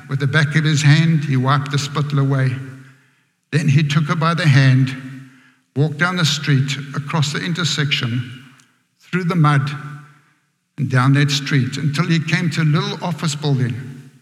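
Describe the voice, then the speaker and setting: Man preaching, dropping to whispers. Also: on the high side. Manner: dramatic, dropping to hushed whispers. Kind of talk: sermon storytelling. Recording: echoey hall with long reverb.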